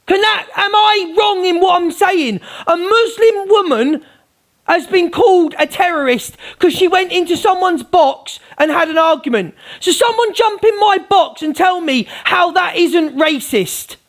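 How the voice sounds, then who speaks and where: A man's voice: very high-pitched, fairly bright tone. A British man hosting a live-stream reaction commentary and launching into heated, swearing rants. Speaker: livestream commentary host.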